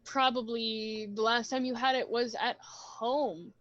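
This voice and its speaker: Brief: woman game master, slightly high voice, easygoing and explanatory at the tabletop. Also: level tone, unhurried, fairly bright tone, no echo, lo-fi sound.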